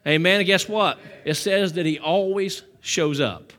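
Bright, high-voiced preacher man. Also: unhurried. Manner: emphatic preaching, calls for amens and praise; storytelling with swings from loud to hushed. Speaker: pastor. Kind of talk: sermon. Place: church.

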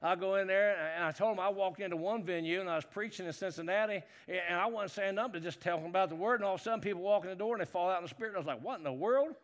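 High-voiced folksy preacher. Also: male voice, fairly even intonation, rapid-fire, hardly any pauses. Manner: folksy, swings from low talk to loud shouting. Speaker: pastor. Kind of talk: sermon.

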